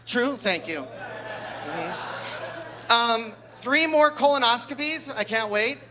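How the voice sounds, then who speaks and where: A man's voice: very high voice, expressive, takes it slowly, crowd noise. A man in his sixties doing a self-deprecating stand-up set at his own birthday party, teasing friends in the audience. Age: 60s. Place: party venue with a live audience.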